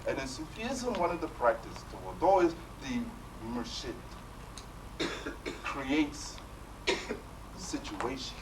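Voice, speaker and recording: A man teaching a spiritual workshop in an animated storytelling manner, punctuated by rhetorical checks with his listeners. His voice sits somewhat high, picked up from a distance in the room with faint noise underneath. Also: takes it slowly, long pauses.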